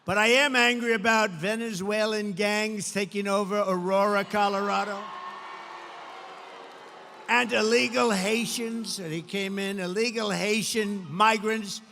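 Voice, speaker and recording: An older man giving an emphatic, repetitive campaign rally speech, sometimes shouting, recorded in a large indoor venue through a podium mic. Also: high-pitched, fairly even intonation, unhurried, creaky, a little hiss or hum. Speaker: political candidate. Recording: long hall reverb, faint crowd ambience.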